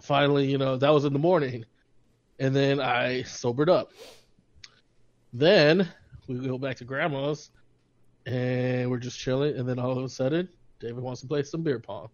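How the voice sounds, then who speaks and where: A man's voice: mid-range voice, fairly even intonation, moderate pace, muffled recording. A man co-hosting a podcast in casual chat, telling a story with laughs and stammered restarts. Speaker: podcast co-host.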